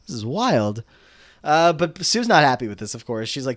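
Man, podcast co-host, casual chat, very lively pitch, recaps scenes, acts out lines. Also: moderate pace. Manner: animated recapping, acting out lines in exaggerated voices.

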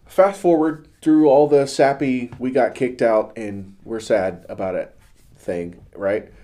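A man's voice: medium pitch, slow pace, dark tone. A man hosting a podcast, telling a story in a casual, earnest way, often restarting his sentences as he goes. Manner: religious. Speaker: podcast host. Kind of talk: casual chat.

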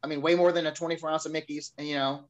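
A man tells his story to an interviewer, speaking candidly and slipping into his own past remarks as he recalls them. His voice sits a little high for a man. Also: little pitch movement, very fast. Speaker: guest.

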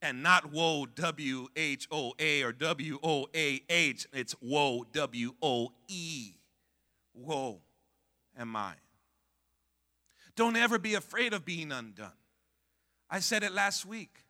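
A high-voiced man preaches from the pulpit in a piercing, ringing tone. He calls out to the congregation for answers and keeps swinging between hushed stretches and loud peaks. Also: lively intonation, slow, pauses often. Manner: stumbles and repeats words when worked up. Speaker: pastor. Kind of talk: sermon.

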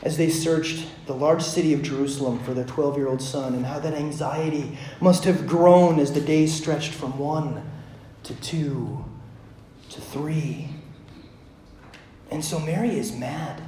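A man with a high voice preaches in a room with a lot of echo. He talks casually, with many fillers, and swings between quiet, reflective stretches and loud, animated storytelling. He sounds like a pastor in his thirties. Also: measured pace, a little hiss or hum. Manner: conversational, filler-heavy, swinging from hushed to loud. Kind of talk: sermon with personal storytelling. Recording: echoey room.

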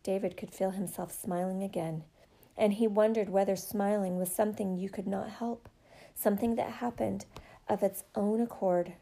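A woman narrator reading a novel aloud in a steady, measured storytelling manner. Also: mid-range voice, gravelly.

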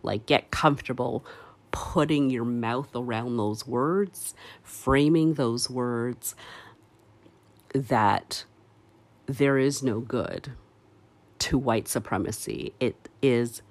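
A man giving earnest opinion commentary, speaking slowly with many pauses and fillers, and stressing key words firmly. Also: mid-range voice. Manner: firm and emphatic on key words.

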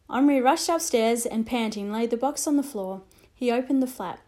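A woman reading a children's storybook aloud in a measured, expressive way. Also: on the high side. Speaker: narrator.

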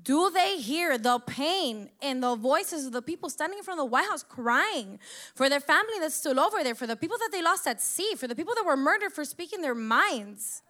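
A woman's voice: sits high, lively intonation, brisk, bright, forceful tone. A young woman from the United States giving an impassioned personal monologue, emotional and close to tears, swearing as she speaks.

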